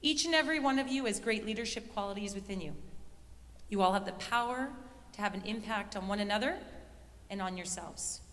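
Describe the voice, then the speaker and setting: A woman's voice: medium pitch, a little fast, a bit bright. A woman from Canada giving a rousing motivational speech to an audience in a large event hall. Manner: rousing, addresses audience directly. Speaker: keynote speaker. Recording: reverberant hall.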